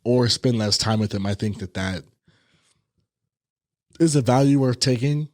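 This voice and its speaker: A man's voice: mid-range voice, a little slow, darkish tone, no echo, studio quality. A young adult man co-hosting a podcast, talking in a reflective, hesitant way and restarting his sentences. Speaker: podcast co-host. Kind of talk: casual chat.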